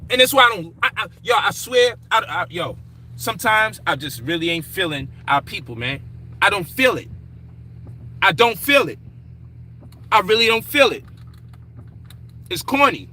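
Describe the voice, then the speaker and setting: Heated, high-voiced man ranting. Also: very animated, moderate pace, pauses often, pushed and bright, slightly rough. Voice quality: profane, emphatic, heated. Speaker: commentator. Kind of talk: frustrated personal rant.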